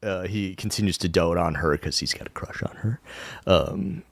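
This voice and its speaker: A man hosting a casual recap podcast, animated and laughing often as he breaks into goofy character voices. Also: deep voice, moderate pace, gravelly, dry recording. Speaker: podcast host.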